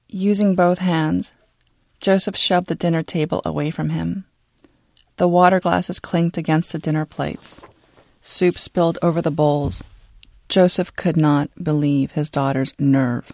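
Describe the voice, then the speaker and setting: A woman reading a novel aloud as an audiobook narrator, in a steady, measured storytelling manner. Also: sits low, dry recording, studio quality.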